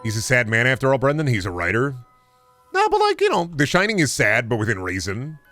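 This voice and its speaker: A man's voice: medium pitch, a little fast, soft background music. A young man streaming a game, chatting casually and ranting with plenty of swearing. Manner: animated, profane ranting. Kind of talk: casual chat while gaming.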